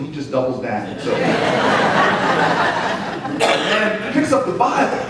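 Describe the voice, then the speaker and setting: A man in his forties giving a humorous storytelling speech from a podium at a political event, building to loud climaxes. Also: on the high side, background noise. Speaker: political speaker. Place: large event hall. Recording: echoey hall taped from far off.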